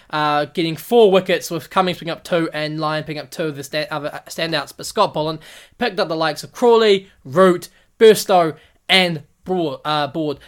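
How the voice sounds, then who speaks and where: Excitable, profane man recapping cricket. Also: on the high side, smooth. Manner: excitable and profane, acts out players in mock voices. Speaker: podcast host.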